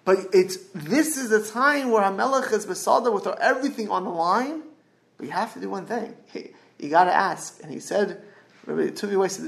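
Gravelly, high-voiced man preaching. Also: a bit bright, a little hiss or hum. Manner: earnest, repeats and restarts words, rising emphasis. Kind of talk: sermon storytelling.

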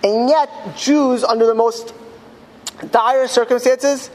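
Guy telling a story in a big hall, lots of restarts, long reverb. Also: fairly even intonation. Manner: halting restarts, rises to loud high cries in quoted speech. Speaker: speaker telling a story to an audience. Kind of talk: impassioned storytelling talk.

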